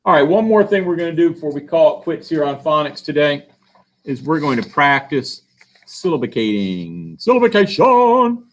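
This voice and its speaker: A man's voice: on the high side, animated, normal speed. A male teacher giving a phonics lesson, patiently asking questions and answering them himself. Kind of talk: recorded classroom phonics lesson.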